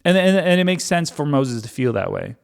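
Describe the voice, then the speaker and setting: Lively, sarcastic man reading scripture. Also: fairly high pitch, a little fast, creaky, smooth. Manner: sarcastic, irreverent, animated. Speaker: Bible reading channel host. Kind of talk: casual Bible commentary.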